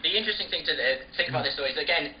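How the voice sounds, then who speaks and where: A man's voice: fairly high pitch, very fast. A man from the UK co-hosting a casual podcast panel chat, rambling and jokey and tripping over his words. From United Kingdom. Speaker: podcast co-host. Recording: roomy, dull podcast audio with faint hiss.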